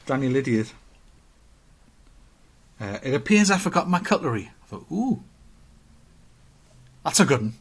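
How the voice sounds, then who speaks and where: A man co-hosts a relaxed podcast, his voice sitting at an ordinary pitch. He chats and jokes easily, reading out viewer comments as he goes. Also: unhurried, pauses often, husky. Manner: chatty, joking, reads out comments. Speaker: podcast co-host. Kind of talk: casual chat.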